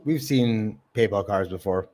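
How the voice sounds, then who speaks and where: A man's voice: on the low side, measured pace, dark tone. A man hosting a casual livestream chat, rambling with lots of fillers. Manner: rambling, many ums and likes. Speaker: livestream host.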